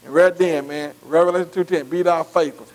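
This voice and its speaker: A man's voice: fairly high pitch, steady tone, brisk, a little mellow, poor audio. A man preaching a folksy sermon, calling out to the congregation. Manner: folksy, call-and-response preaching with dialect.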